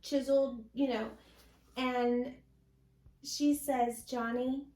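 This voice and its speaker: A woman guest sharing a personal faith testimony in an interview, telling her story slowly and from the heart. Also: high voice, steady tone, dark tone, echoey room, poor audio. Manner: slow, heartfelt storytelling with many pauses.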